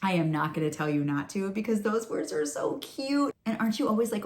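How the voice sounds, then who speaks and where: A woman's voice: mid-range voice, lively intonation, brisk, few pauses, a little mellow. A woman giving a chatty, reassuring talking-head lesson on early language for parents, with questions and asides. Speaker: speech and language educator.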